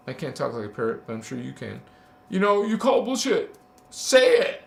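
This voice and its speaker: A man's voice: mid-range voice, big pitch swings, normal speed, vocal fry, echoey room. A man hosting a casual spiritual livestream, teasing and emphatic, laughing often as he talks to viewers.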